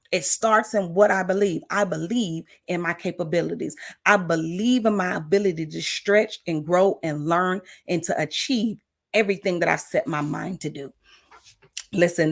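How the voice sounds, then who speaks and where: A woman's voice: on the low side, gravelly. A woman coach hosting a motivational livestream talk. She is encouraging, repeats affirmations, and uses many "uh" fillers. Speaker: coach and show host.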